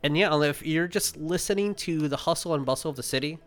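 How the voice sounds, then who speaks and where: A man narrating a tabletop game as game master, pausing often with ums and uhs. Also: a little high, faint music behind. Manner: halting, many ums and uhs.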